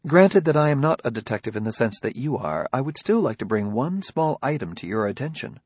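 A man doing a quiet, calm robot detective. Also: medium pitch, husky, no echo. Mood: calm reasoning. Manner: quiet, measured, polite.

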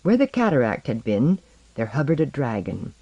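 A man narrating a fantasy story aloud in an expressive, lively storytelling manner. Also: mid-range voice, normal speed, dry recording, highs cut off. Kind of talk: audiobook reading of a fantasy story.

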